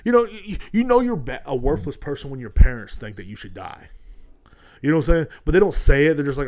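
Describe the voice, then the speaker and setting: A man with a fairly high, darkish voice talks fast and very animatedly while hosting his own podcast from home. It's a casual comedic rant, rambling and joking with heavy profanity, recorded on studio headphones and a mic.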